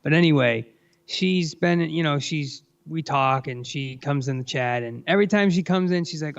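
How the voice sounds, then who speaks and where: A man's voice: on the high side, lively intonation, vocal fry. A man hosting a casual call-in stream, ranting and mocking with lots of swearing, recorded on a distant, dull-sounding mic. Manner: profane, ranting, quick to mock.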